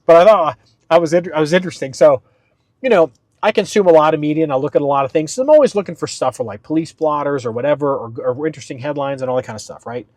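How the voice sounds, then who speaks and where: A man hosting his own podcast in a casual, rambling way, with frequent fillers and restarts, pitching his voice up a little for the show. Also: racing, darkish tone, dry recording. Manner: talks slightly up for the podcast. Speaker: podcast host. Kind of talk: casual solo podcast talk.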